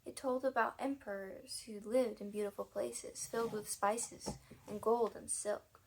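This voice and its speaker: A woman's voice: on the high side, steady tone, unhurried, gravelly, slight background noise, low-quality recording. A woman narrating a children's storybook in a casual reading style with occasional restarts and asides. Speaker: audiobook reader.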